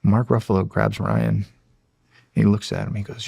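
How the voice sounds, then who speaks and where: Low gravelly-voiced man telling stories. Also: little pitch movement, moderate pace, warm tone, dry recording. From United States. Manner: rambling and emotional, with many restarts. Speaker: podcast guest. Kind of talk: casual storytelling.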